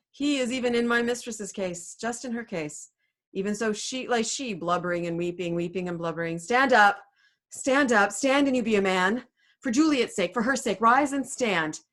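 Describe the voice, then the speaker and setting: A woman reading aloud as a fussy, chattering old female nurse in a casual play reading, in a high exclaiming voice. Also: animated, normal speed, fairly bright tone. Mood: fussing.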